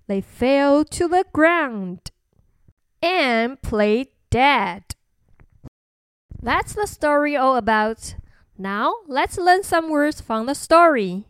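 A woman narrating a bilingual children's story with slow, expressive, sing-song delivery, recorded close to the mic. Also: sits high, no echo.

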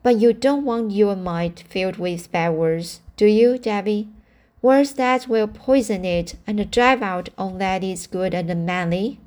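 A woman reading aloud as a gentle, patient young woman who asks soft, kind questions. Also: medium pitch, unhurried, natural voice.

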